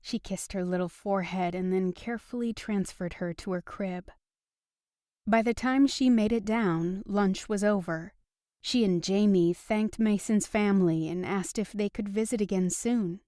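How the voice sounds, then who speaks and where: A woman narrating a romance audiobook in an even, measured way. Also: medium pitch, no echo, studio quality. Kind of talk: scripted narration.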